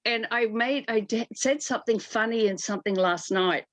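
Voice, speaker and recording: A woman's voice: fairly high pitch, normal speed, dry recording. Chatty older woman telling stories. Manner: chatty, lively storyteller with many restarts. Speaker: guest, costume designer. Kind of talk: storytelling in a casual interview.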